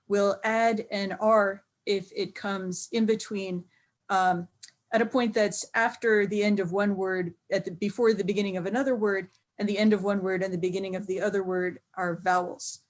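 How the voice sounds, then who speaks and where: A woman linguist on a video panel, explaining slowly and carefully with many fillers. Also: mid-range voice. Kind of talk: panel discussion.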